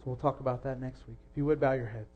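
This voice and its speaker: A young man preaching a sermon in a church, earnest, rising to loud emphasis and dropping soft again. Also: mid-range voice, fairly even intonation, fast, muffled recording. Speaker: pastor.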